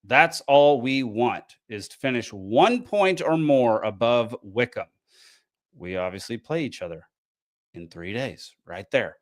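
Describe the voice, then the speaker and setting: A man's voice: medium pitch, lively intonation, measured pace. Tired man rambling. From American South. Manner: rambling, frustrated, many ums and restarts. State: tired, yawning. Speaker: podcast host. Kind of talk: casual solo match recap.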